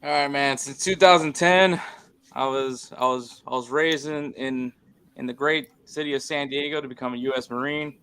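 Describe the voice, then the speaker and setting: A man on a sports podcast panel, making his pick in an earnest, steady way. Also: mid-range voice, moderate pace, clear, resonant tone. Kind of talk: casual sports chat.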